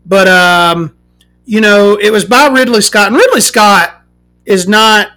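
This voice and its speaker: A woman's voice: mid-range voice, a little slow. Woman podcast host ranting, profane. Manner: ranting, profane, swings from loud outbursts to muttering. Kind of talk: casual podcast rant.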